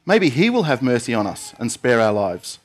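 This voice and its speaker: A man's voice: mid-range voice, very animated, moderate pace. A man voicing a ship's captain urgently waking a sleeping passenger. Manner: urgent and demanding. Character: male ship captain shouting at a sleeper.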